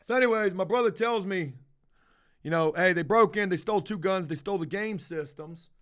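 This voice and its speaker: A man's voice: high voice, brisk. A man telling a personal story to his viewers in a casual, profane, conversational way, acting out the dialogue. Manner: profane, conversational, retells dialogue with many fillers.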